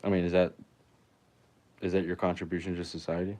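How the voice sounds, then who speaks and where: Young man, very low deep voice, rambling crude jokes, profane, casual livestream chat. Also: little pitch movement, a little fast, a little mellow. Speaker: musician streaming to viewers.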